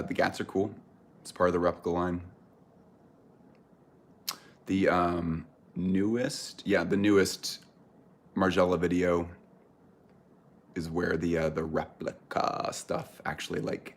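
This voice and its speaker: An American man hosting a casual livestream chat, rambling and correcting himself as he talks to viewers. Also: low voice. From United States. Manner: rambling, self-correcting, breaks into laughter. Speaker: streamer chatting with viewers.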